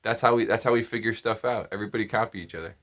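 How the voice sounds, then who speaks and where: A man with a somewhat low voice tells a story in a loose, casual monologue. He rambles, repeats himself and often restarts his sentences. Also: very fast, a bit bright. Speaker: podcast host.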